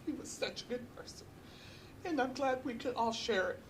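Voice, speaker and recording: A woman with a higher-than-usual voice speaks at a memorial gathering, recalling a friend in a storytelling way. She laughs easily through her memories, then softens as she speaks of loss, with faint room sound behind her. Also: moderate pace, slight background noise. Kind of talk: personal memorial remarks. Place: memorial gathering at a funeral home.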